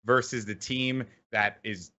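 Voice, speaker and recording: A man talking fast and loose as an interview guest, restarting sentences and piling on "like" as he tells a story. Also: medium pitch, highs cut off. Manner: animated, many restarts and "like". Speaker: esports caster guest. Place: home room with a clanking heater.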